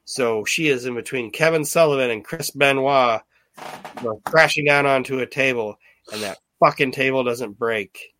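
Bright-voiced man rambling through a recap. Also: mid-range voice, normal speed, a little hiss or hum. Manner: rambling, profane, animated retelling with quoted voices. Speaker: podcast host. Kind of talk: casual wrestling recap chat.

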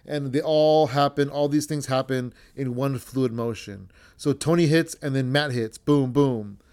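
A man's voice: medium pitch, a little slow, a little mellow, clean tone. A man hosting a podcast, recapping a match in a rambling, profane, self-correcting way. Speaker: podcast host.

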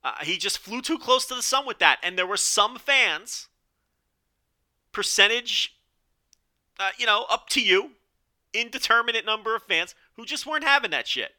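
Hoarse opinionated podcast host, bright voice. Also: male voice, high-pitched, lively intonation, moderate pace, long pauses. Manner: opinionated, rambling with restarts and "okay?" asides. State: losing his voice, strained. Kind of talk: solo podcast commentary.

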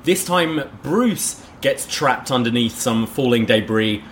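A man's voice: medium pitch, expressive, slow pace, slight background noise. A man co-hosting a casual movie review podcast, recapping scenes and laughing often. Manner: laughs often, mimics a posh butler in quotes. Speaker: podcast co-host.

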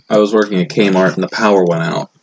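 A man's voice: sits low, moderate pace, background noise. A young man co-hosting a casual podcast, telling a rambling story and acting out the people in it. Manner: rambling storyteller, acts out quotes loudly. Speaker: podcast co-host.

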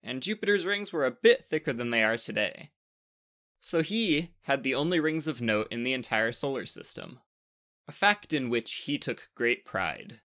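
A man narrating a storybook tale in a lively, expressive reading. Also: medium pitch, moderate pace.

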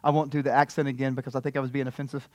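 A man preaching a sermon as pastor, telling a story with animated swings between hushed and loud delivery. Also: medium pitch, very fast, no room sound.

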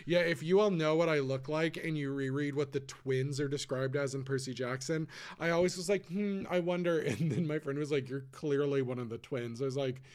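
A man co-hosting a podcast, chatting casually with lots of fillers and quick asides. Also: a little high, steady tone. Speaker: podcast co-host. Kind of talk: casual chat.

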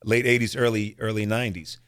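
A man's voice: lowish voice, a little fast, smooth. A middle-aged man, an actor and comedian, telling stories in a casual interview and acting out other people's voices with frequent laughs. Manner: animated storyteller acting out voices, laughs often.

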